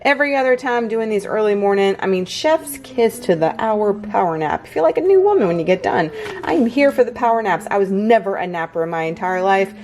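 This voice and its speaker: A woman with a Southern US accent talks through her day in a relaxed, chatty vlog. She speaks at a middle pitch and addresses her viewers directly, calling them y'all. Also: a little fast. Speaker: fitness and food vlogger. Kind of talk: casual vlog narration.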